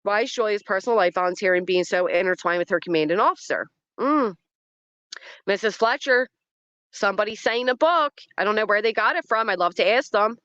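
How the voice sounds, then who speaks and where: A woman's voice: medium pitch, animated, brisk, fairly bright tone, no echo, muffled recording. Dramatic woman livestreaming outdoors. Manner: dramatic, talks to chat. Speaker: livestream host. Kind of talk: casual livestream commentary. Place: outdoors in a yard by trees.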